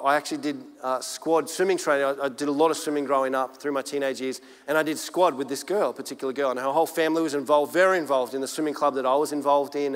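A man with an Australian accent, a pastor preaching a sermon in an animated, earnest storytelling way. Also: fairly high pitch, big-room sound.

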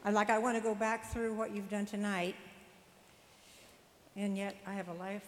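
A woman's voice: medium pitch, fairly even intonation, moderate pace. Woman class member, hesitant question, off-mic in a hall with faint noise. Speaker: class participant asking a question. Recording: distant voice in a reverberant hall.

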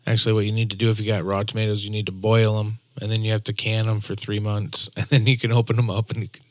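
A man making deadpan, joking jabs in a casual chat with friends. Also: lowish voice, quick pace, no room sound.

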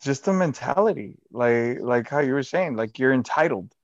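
A man's voice: medium pitch, lively intonation, moderate pace, no room sound, highs cut off. A man in casual chat, talking in a rambling, slangy way with plenty of swearing.

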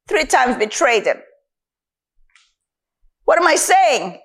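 A woman preaching a sermon and quoting scripture, slow and emphatic. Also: high-pitched, sing-song, a bit bright.

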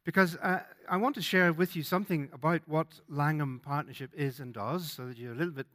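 A man's voice: on the high side, a little fast, sharp tone. A man with a Northern Irish accent, giving a sermon as a guest preacher in a conversational way, with frequent fillers and restarts. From Northern Ireland.

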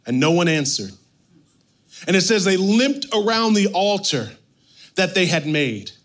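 A male pastor preaching a sermon, reading scripture and retelling it with animated, playful asides. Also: high-pitched, unhurried, long pauses.

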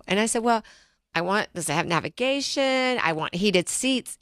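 A woman's voice: a little high, lively intonation, normal speed, dry recording, clean studio sound. A middle-aged woman, a financial planner hosting a radio talk show, telling stories earnestly and restarting her sentences.

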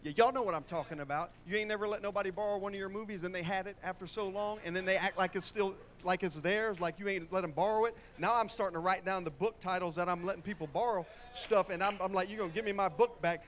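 Talking fast with few pauses, this preacher moves from casual stories to call-and-response with his congregation, using Southern-style colloquial, conversational phrasing. His high voice is fairly bright, with a little hiss or hum in the background.

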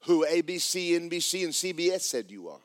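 A pastor preaching in church, his voice sitting fairly high for a man and swinging widely up and down. He hammers his points home with emphatic, homespun humor. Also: big pitch swings, a little fast, no room sound, clean studio sound. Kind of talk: sermon. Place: church sanctuary.

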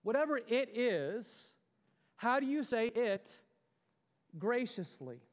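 A male pastor delivers an earnest, exhorting sermon in a fairly high voice, often turning to rhetorical questions. His words ring out with a long reverb from a large hall. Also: very animated, takes it slowly.

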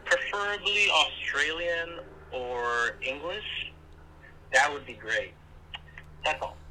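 A male caller leaving a voicemail, his bright voice at an ordinary pitch. He speaks haltingly with deadpan humor, and faint noise sits under the line. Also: low-quality recording. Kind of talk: voicemail message.

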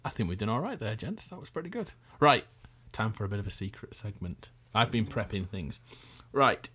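A man with a lowish voice hosts a relaxed gaming chat. He steers the talk and drops in jokes. His manner stays easygoing. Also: a little fast, husky. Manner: leads the talk, jokey. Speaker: podcast host.

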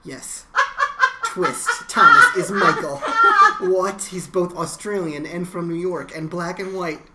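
Low-voiced woman co-host, wry and casual, roomy sound. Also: big pitch swings, takes it slowly, very noisy. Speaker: podcast co-host. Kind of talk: casual recap chat.

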